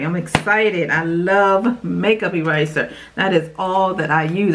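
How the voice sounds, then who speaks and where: A woman, a beauty YouTuber, chatting excitedly to her viewers while unboxing products in a casual vlog. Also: lowish voice. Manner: bubbly and excitable, talks to viewers as "y'all".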